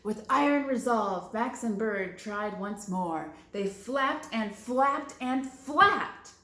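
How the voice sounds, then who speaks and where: A woman reading a picture book aloud for small children, slow and gentle with playful asides to her listeners. Her voice carries a noticeable echo from the room she reads in. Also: fairly high pitch, animated. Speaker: children's librarian. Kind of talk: storytime read-aloud for preschoolers.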